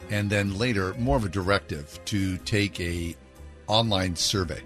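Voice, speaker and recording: Low-voiced rambling male radio host. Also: a little slow, fairly bright tone, soft background music. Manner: rambling, self-correcting, joking. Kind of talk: casual on-air banter.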